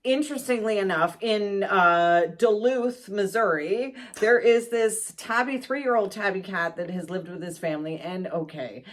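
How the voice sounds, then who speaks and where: A woman co-hosting a podcast, telling a light feel-good story in casual chat. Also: lowish voice. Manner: lively storyteller, rises on key words. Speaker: podcast co-host.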